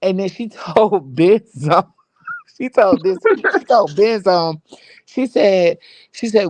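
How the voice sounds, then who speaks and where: A woman joining a casual online talk show, retelling a livestream feud in an animated storytelling way. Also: mid-range voice, slow, no echo. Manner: animated storytelling, quoting others. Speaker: co-host filling in on the story. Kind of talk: casual gossip recap.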